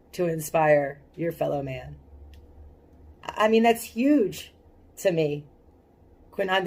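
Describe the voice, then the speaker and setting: A woman's voice: fairly low pitch, a little mellow. A young woman hosting her own cannabis activism webcast from a small home setup, talking earnestly to viewers, moved and stumbling over her words. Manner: emotional, earnest, restarts often. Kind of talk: casual webcast talk to viewers.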